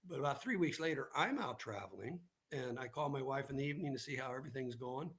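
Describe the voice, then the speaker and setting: A man's voice: medium pitch, expressive, fast, fairly bright tone. A man who is a guest on a live show, casually telling personal stories and often checking in with "right?". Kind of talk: casual storytelling in conversation.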